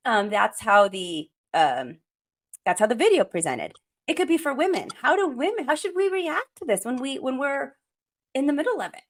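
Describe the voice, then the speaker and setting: A woman's voice: a little high, fairly bright tone. A woman hosting a parenting podcast who talks openly and earnestly as she asks her guest questions. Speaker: podcast host. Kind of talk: conversational interview.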